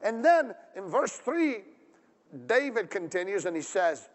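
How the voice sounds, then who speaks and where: A man preaching a sermon as pastor, emphatic and animated, often asking the audience questions. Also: high voice, normal speed, creaky. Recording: long reverb of a big hall.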